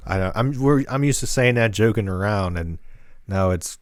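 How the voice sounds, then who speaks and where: A man co-hosts a casual podcast in a deep, low voice. He rambles through his notes with frequent fillers and false starts. The sound is close and dry, with no room echo. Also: moderate pace. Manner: rambling, many fillers and restarts. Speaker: podcast co-host.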